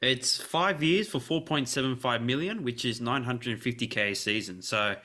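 A man's voice: medium pitch, moderate pace, pushed and bright. A man who is a guest on a sports podcast, chatting casually, reading out contract figures, and laughing easily.

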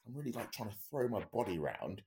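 A man's voice: fairly low pitch, big pitch swings, fast, noisy background. A man, a podcast co-host, telling a story in a rambling, casual way with many fillers and restarts.

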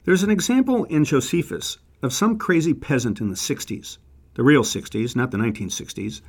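A man's voice: mid-range voice, lively intonation, normal speed. A man narrating a scripted lecture on biblical history, reading quotes aloud and adding wry asides.

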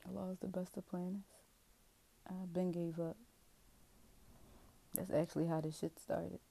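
Woman vlogger, low flat delivery, rambling and profane confessional. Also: unhurried, vocal fry. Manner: rambling, profane, self-questioning. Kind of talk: candid confessional monologue.

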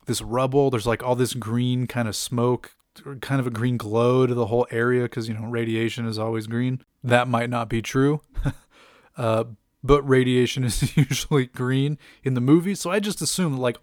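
A man's voice: mid-range voice, darkish tone, no room sound, clean studio sound. A young man casually recapping a comic book, chatty with many fillers and asides.

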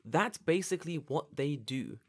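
A man's voice: a little high, animated, a little slow, husky. A man co-hosting a casual podcast, joking, swearing a lot and acting out little scenes. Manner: joking, swearing, acts out voices. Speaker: podcast co-host. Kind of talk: casual chat.

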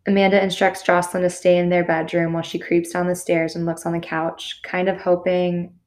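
A woman's voice: on the low side, little pitch movement, fairly quick. A woman hosting a podcast, casually recounting a true crime story with fillers and the odd curse. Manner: casual retelling with cursing and fillers. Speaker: podcast host.

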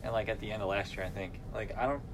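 A man with a slightly low voice chats about baseball in a relaxed, teasing way, dropping curses as he needles his co-host. A faint low rumble sits under the recording. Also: fast. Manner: teasing, laughing, profane banter. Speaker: podcast co-host. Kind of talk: casual sports chat.

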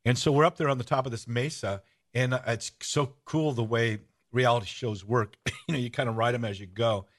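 A man hosting a radio-style podcast, telling stories in a casual, animated way. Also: medium pitch, brisk. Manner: storytelling, animated, shouts out rallying cries. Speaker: podcast host. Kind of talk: casual radio-show chat.

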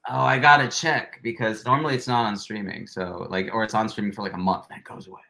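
Chatty lower-voiced young man, laughing often. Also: steady tone, fast, gravelly, bright, forceful tone. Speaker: guest, stage actor. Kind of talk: casual interview chat.

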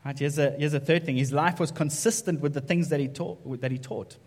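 A man's voice: fairly high pitch, fairly even intonation, brisk, darkish tone, husky. Man preaching in an echoey church. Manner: conversational, keeps asking "right?". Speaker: pastor. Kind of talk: sermon. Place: church sanctuary. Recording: echoey church hall reverb.

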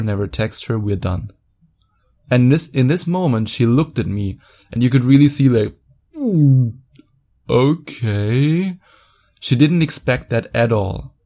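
In a casual solo podcast, a young man from Germany speaks at a moderate pace in a mellow, medium-pitched voice. His manner is cocky, crude, and blunt.

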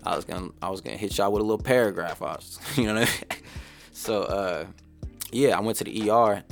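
Young man, podcast host, deep voice, crackly fry, casual swearing monologue. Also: fairly quick, soft background music. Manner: profane, slangy, rambling. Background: faint background beat.

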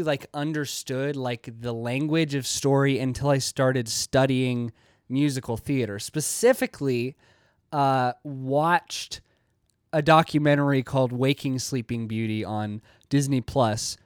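A man's voice: medium pitch, clear, resonant tone, no room sound, clean studio sound. A young man hosting a casual video essay, rambling with many "likes" and restarts.

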